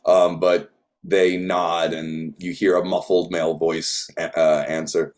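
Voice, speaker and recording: A man narrates a tabletop role-playing game as game master. His voice is very low and his delivery relaxed and halting. He often pauses to search for words. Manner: relaxed, many fillers and restarts.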